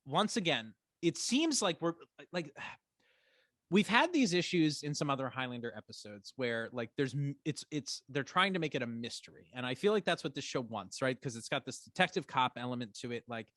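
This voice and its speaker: A man's voice: medium pitch, normal speed, no echo. A man co-hosting a casual rewatch podcast, ranting with energy and swearing often. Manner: animated ranting, swears a lot. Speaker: podcast co-host.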